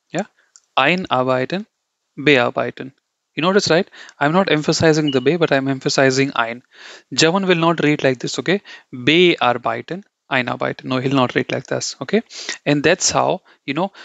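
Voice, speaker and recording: Man, German teacher, gravelly voice, dull dry lo-fi recording, keeps saying okay. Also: mid-range voice, dry recording. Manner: loose, repetitive, says "okay" and "you know" a lot; corrects himself mid-sentence. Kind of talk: explaining grammar to learners.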